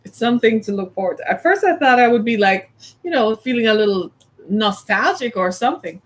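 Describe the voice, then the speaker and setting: A middle-aged woman from the American South, chatting casually as a host, animated and laughing often as she plays out little scenes. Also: a little high, brisk. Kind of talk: casual chat.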